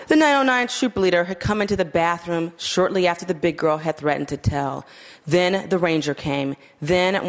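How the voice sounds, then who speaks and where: A woman narrating a literary short story in a measured, steady audiobook reading. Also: low voice.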